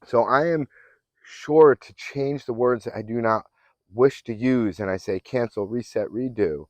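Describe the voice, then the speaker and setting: A man's voice: mid-range voice, unhurried, darkish tone, dry recording. A man working as a fitness and mindset coach gives an earnest, affirming motivational talk that sometimes rambles and restarts. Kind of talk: motivational self-help talk.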